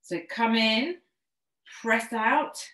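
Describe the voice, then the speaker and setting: A woman leads a pilates workout, calling out cues and counting down reps in an encouraging way. She is slightly out of breath, her voice sits a bit high, and the room gives it a noticeable echo. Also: very slow, bright, forceful tone. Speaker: fitness instructor. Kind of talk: online pilates class instruction. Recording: echoey room.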